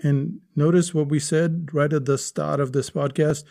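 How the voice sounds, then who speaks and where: Mellow-voiced man teaching on a podcast. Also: fairly high pitch, steady tone, moderate pace, creaky. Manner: explanatory, poses rhetorical questions. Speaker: podcast host teaching writing. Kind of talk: podcast lesson.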